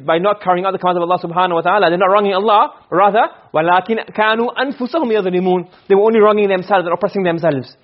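Male teacher, high voice, dull lo-fi sound, keeps asking if students understand. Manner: explains with many checks on understanding, recites Arabic quickly. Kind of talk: classroom lecture on Arabic rhetoric. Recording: dull lo-fi recording.

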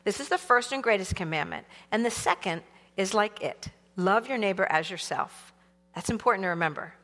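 A woman teaching a sermon in a casual, animated way, leading the congregation in call-and-response. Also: mid-range voice, moderate pace. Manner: animated, casual and conversational, teasing the audience. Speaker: church teacher. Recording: long hall reverb.

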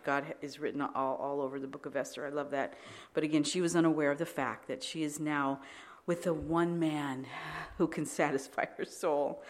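A middle-aged woman preaching a sermon, telling animated stories with frequent laughter and restarts. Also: deep voice.

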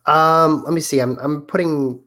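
A man's voice: a little high, normal speed. Easygoing man co-hosting a movie podcast. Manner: relaxed, reads from notes with fillers. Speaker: podcast co-host. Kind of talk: casual chat.

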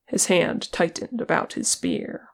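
Slow, gravelly audiobook reader. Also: medium pitch, sing-song. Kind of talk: reading fan fiction aloud.

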